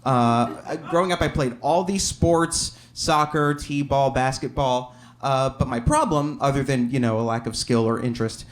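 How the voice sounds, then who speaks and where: A man's voice: medium pitch, unhurried, hardly any pauses. Wry self-deprecating male storyteller. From Alabama, US. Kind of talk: live personal storytelling. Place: theater stage.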